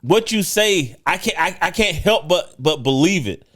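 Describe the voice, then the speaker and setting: Brief: male podcast co-host, fairly high voice, swings his pitch a lot, preachy and emphatic. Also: lively intonation, moderate pace, fairly bright tone. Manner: emphatic, preachy, leans on "right?". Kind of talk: casual podcast talk.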